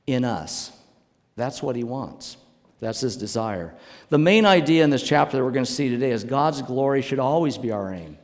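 A man preaching a sermon as pastor, slow and emphatic, his voice rising and falling for emphasis. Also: medium pitch, a little mellow. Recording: long reverb of a large hall.

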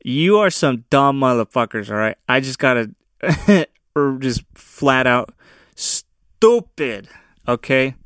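A young man of Mexican descent ranting casually on his own, profane and often laughing, with loud bursts of emphasis. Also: medium pitch, expressive, unhurried, no echo, clean studio sound. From of Mexican descent, USA. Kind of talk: casual solo rant.

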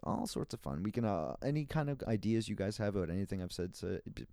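Low-voiced man, warm mellow tone, dry close mic, rambling playful podcast host. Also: lively intonation, fast talker, creaky, no room sound. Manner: meandering, playful, with frequent laughs and restarts. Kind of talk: rambling solo podcast monologue.

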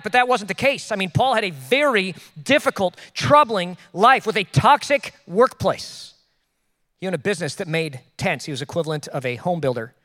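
A man preaching a sermon in a casual, joking way, with quick asides to the congregation. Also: sits high, bright, forceful tone, no echo, clean studio sound. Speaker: pastor. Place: church.

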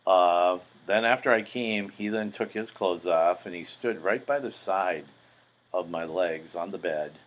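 A man's voice: low voice, unhurried, lo-fi sound. A middle-aged man hosting a podcast, telling a long story in a rambling, profane way with lots of filler words. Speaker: podcast host. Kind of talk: casual storytelling monologue.

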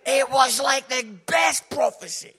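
A man with a Scottish accent, preaching to a congregation in a comic, animated storytelling style with acted-out quotes. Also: very high-pitched, unhurried, vocal fry, breathy edge. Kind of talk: humorous storytelling sermon.

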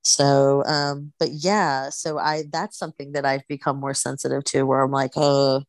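Low-voiced animated woman chatting. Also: moderate pace, dry recording. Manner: animated, laughs often, restarts sentences. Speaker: podcast guest. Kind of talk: casual chat.

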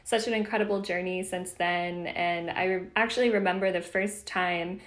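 A woman's voice: fairly low pitch, steady tone, moderate pace, fairly bright tone, roomy sound. A woman hosting an interview podcast over a video call, effusive and gushing, laughing often. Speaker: podcast host and producer. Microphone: video call mic.

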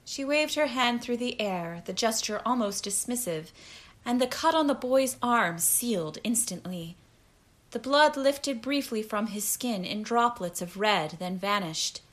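Slow, measured woman narrator. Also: a little high, lively intonation, a bit bright. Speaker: audiobook narrator. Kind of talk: scripted narration.

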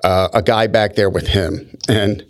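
A man's voice: fairly low pitch, a little slow. A man telling rambling stories in casual podcast chat, often restarting his sentences. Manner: rambling, animated storyteller with frequent restarts.

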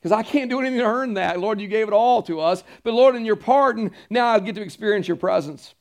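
A man's voice: high voice, fast talker. A male pastor preaching a sermon, earnest and emphatic, repeating key phrases and turning to the congregation with casual asides.

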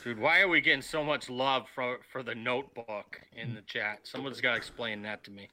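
A man's voice: medium pitch, a little fast, bright, forceful tone. A man co-hosting a casual podcast, rambling and enthusiastic as he counts down a list. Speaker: podcast co-host. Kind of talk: casual chat.

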